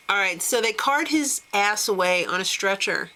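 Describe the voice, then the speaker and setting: A woman recapping a reality show in a loose, gossipy way, giggling and throwing in snarky asides. Her voice is bright, and her pitch sits in the middle for a woman. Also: lively intonation, normal speed, low-quality recording.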